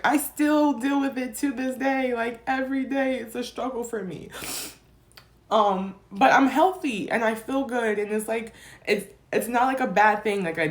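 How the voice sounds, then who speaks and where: A young adult woman telling her personal story in a vlog, rambling with many fillers and restarts, tearful and emotional. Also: fairly high pitch. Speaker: vlogger.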